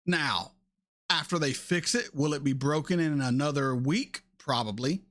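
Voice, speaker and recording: A man in his thirties hosting a casual chat, answering viewer questions in a blunt, animated way and swearing freely. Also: a little high, measured pace. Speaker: reaction channel host.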